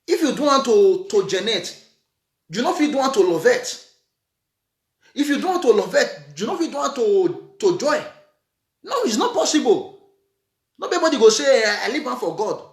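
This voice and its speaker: A man's voice: extremely high pitch, big pitch swings, a little fast. A man with a Nigerian accent gives earnest, repetitive relationship advice in a casual preachy monologue, mixing in Nigerian Pidgin. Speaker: vlogger giving relationship advice. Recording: echoey room.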